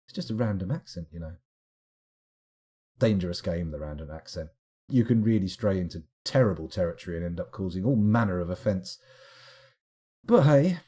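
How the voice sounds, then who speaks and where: A man giving live, rambling let's-play commentary, animated and self-mocking as he chats and wanders off on tangents. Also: on the low side, husky. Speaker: streamer playing a management game.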